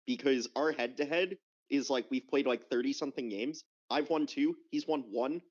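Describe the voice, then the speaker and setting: A man's voice: mid-range voice, moderate pace, a little mellow. A man in a casual voice chat, arguing his view of another player's game with emphatic points and frequent "like". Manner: emphatic, hedging with "like". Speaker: voice chat guest. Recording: dull lo-fi voice chat audio.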